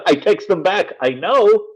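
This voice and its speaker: A man's voice: sits high, expressive, takes it slowly, slight background noise, rough recording. A man joining a casual talk show as a panelist, joking and laughing easily. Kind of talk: casual chat.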